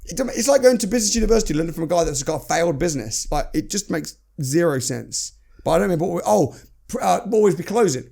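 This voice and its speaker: A man's voice: on the high side, lively intonation, very fast, creaky, dark tone. A man, a guest on a podcast, talking bluntly and animatedly about sales and acting out calls. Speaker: entrepreneur guest. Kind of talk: casual podcast conversation.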